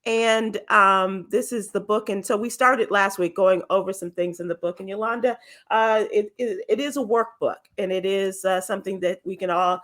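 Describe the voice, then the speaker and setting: A woman hosting a casual group chat over a video call, talking haltingly with many fillers and restarts. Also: mid-range voice, steady tone, a bit bright. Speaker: talk show host.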